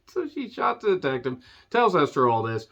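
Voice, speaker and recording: A man ranting through a movie recap, sarcastic and profane, often clearing his throat. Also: on the high side, very animated, a little slow, fairly bright tone, dull audio. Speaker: movie reviewer.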